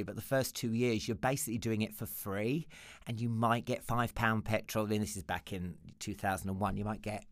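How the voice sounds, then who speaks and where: A man, a comedian guest telling stories in a camp, animated way during a podcast interview. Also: dry recording, clean studio sound. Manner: camp, animated storyteller who breaks into high put-on voices. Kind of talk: casual interview chat.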